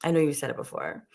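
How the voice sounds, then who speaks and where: Low-voiced lady from the northeast, rambly livestream chat, lots of likes and ums. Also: vocal fry, darkish tone. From Northeastern United States. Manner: rambling and chatty, heavy with "like" and "um". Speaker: livestream host. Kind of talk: casual chat while cooking, answering viewer comments.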